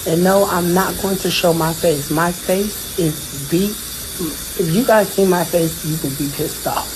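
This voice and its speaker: A man's voice: sits high, measured pace. Man on a noisy phone livestream. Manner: earnest and defensive, rambling with repetitions. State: emotional. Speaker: social media personality speaking on a livestream. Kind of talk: emotional livestream monologue. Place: dentist's office.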